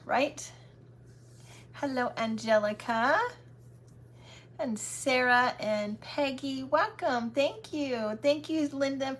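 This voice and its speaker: A woman's voice: a little high, a bit bright. A woman hosting a craft livestream, chatting in a casual, affectionate and welcoming way. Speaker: craft channel host.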